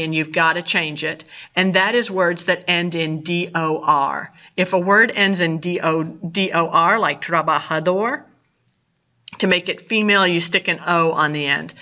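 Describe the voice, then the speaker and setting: A woman's voice: on the low side, steady tone, unhurried, sharp tone, lo-fi sound. A woman, teaching a recorded video language lesson in a chatty, step-by-step way. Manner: chatty, explains step by step, mixes English and Spanish. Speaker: Spanish teacher.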